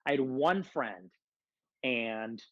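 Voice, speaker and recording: A man's voice: medium pitch, animated, very slow, dry recording. A man ranting angrily and profanely as a guest on a talk stream, aggrieved and repeating himself. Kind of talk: heated rant. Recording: dull lo-fi dry sound.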